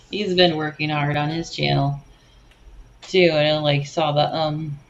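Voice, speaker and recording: Gravelly low-voiced woman chatting on a livestream. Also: steady tone, unhurried, lo-fi sound, slight background noise. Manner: self-deprecating, stumbles over words and laughs. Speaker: co-host of a livestream slideshow. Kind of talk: casual live chat over photos.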